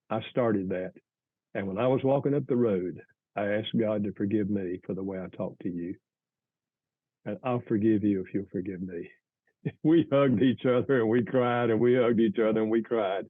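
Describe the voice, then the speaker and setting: Older guy, earnest storyteller, lowish voice, thin phone-line sound, dry. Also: no room sound. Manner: earnest, heartfelt, halting restarts. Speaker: guest author. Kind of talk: storytelling in an interview.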